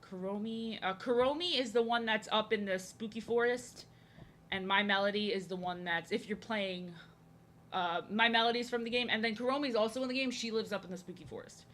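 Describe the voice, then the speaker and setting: Bright, chatty young American woman. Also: mid-range voice, brisk, slight background noise. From United States. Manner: chatty, rambling, self-deprecating. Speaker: art streamer. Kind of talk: casual rambling chat while drawing.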